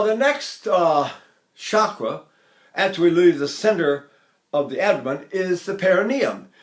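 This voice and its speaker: Older male tenor teacher, conversational lecturer, a touch high-pitched, rambling with fillers. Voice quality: trained tenor voice. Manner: conversational, many fillers, breaks into full operatic singing. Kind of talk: lecture with sung demonstrations.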